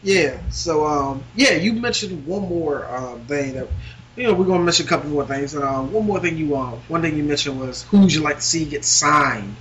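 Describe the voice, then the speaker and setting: Bright-voiced rambling man chatting. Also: a little high, animated, normal speed, slight background noise. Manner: rambling, many fillers, laughs often. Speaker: podcast co-host. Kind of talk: casual wrestling chat.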